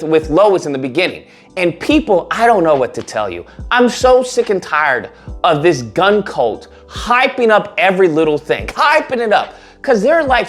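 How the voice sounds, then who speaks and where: A man giving casual online commentary, animated and quick to mock others with a high put-on voice.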